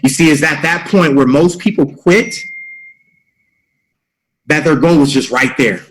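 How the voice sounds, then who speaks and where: A man's voice: a little high, unhurried, slight background noise, low-quality recording. A middle-aged man leading a motivational call, preachy and rallying, repeating his key phrases. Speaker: mentorship call leader.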